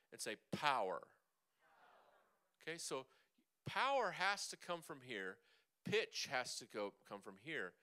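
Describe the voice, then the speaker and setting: Guy vocal coach teaching a class, chatty, super bright crisp voice. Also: mid-range voice. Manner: lively and chatty, demonstrates sounds. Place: church hall.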